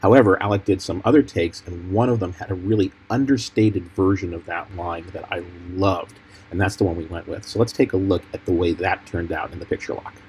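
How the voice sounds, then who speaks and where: A man, a film editor, giving measured, explanatory commentary over clips from a fan film. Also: sits low, darkish tone, slight background noise, rough recording.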